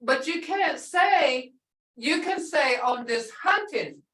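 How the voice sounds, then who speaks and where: Female language teacher, slow and patient, slightly high voice, distant roomy mic. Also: very animated, pushed and bright. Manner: patient, explains and repeats example words slowly. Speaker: language instructor.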